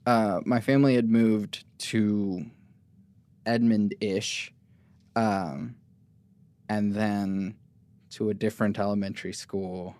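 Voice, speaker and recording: A man's voice: on the low side, steady tone, takes it slowly, pauses often, darkish tone, clear, resonant tone. A young man from Oklahoma hosting a casual interview podcast, easygoing and laughing often. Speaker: podcast host.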